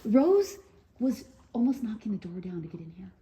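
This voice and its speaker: A woman's voice: medium pitch, sing-song, normal speed, mellow. A middle-aged woman who owns a farm, chatting casually and rambling as she gives a tour outdoors in the cold, often talking to her animals. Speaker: farm owner and vlogger.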